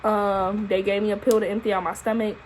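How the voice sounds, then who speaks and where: A young woman, a new mother casually telling her birth story to camera in an expressive, profane way. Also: mid-range voice, a little fast, slight background noise, poor audio. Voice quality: expressive, profane, animated retelling. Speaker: vlogger, new mom. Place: at home holding her baby.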